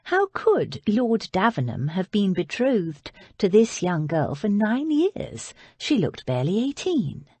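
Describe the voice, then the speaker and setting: A woman narrating an audiobook with expressive storytelling. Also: mid-range voice, slow pace, few pauses, slightly rough, no room sound. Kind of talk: scripted narration.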